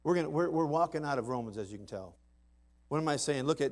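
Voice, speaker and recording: A man's voice: on the high side, lively intonation, fast. Folksy emphatic preacher man. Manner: folksy, emphatic, swings from soft asides to loud climaxes. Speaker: pastor. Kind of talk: sermon. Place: church sanctuary.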